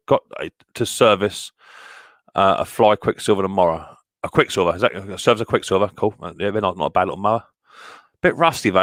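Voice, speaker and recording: A man's voice: mid-range voice, a bit bright, no room sound, clean studio sound. A man hosting a live stream, chatting casually and greeting viewers by name with cheerful banter. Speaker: livestream host reading chat.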